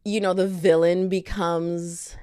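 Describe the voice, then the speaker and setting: A young woman hosting a podcast in casual chat, gushing and animated, with lots of "like". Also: on the low side, slow pace, smooth, no room sound, studio quality. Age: young adult. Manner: gushing, animated, heavy filler "like". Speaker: podcast host. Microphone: headphones on, podcast mic.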